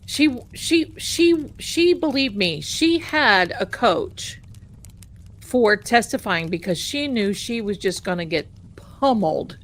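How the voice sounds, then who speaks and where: Hosting a tarot livestream, a woman with a Boston accent speaks slowly at a medium pitch. She's casual, animated and sarcastic, repeating phrases to drive her points home.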